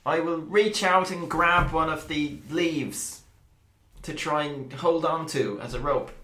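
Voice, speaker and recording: A man's voice: on the high side, slow pace, pushed and bright. A man playing a tabletop game, musing aloud and hesitant. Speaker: player. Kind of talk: casual game chat. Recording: echoey room.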